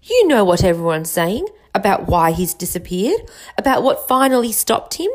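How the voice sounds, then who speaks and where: A woman's voice: mid-range voice, sing-song, moderate pace. A woman voicing a severe older witch professor who talks impatiently and irritably. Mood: irritable.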